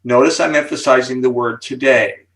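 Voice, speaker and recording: A gravelly-voiced man in his seventies explains with animated enthusiasm, building suspense before each key point like a seasoned speaker. His voice sits a little back from the microphone. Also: mid-range voice, moderate pace, recorded from a distance, rough recording. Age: 70s. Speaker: psychology speaker and author, interview guest.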